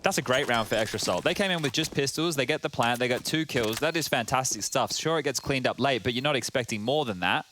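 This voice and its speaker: A man's voice: medium pitch, fast talker, few pauses, bright, forceful tone. A man giving live esports commentary in an analytical, chatty way, laughing easily, on a headset mic in a studio. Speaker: esports caster. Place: broadcast studio with air conditioner. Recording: faint air conditioner hum.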